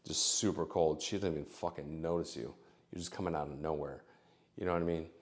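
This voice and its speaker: A man's voice: rumbling low, steady tone, a little fast. A middle-aged man giving casual dating advice, rambling with many fillers and acting out both sides of conversations.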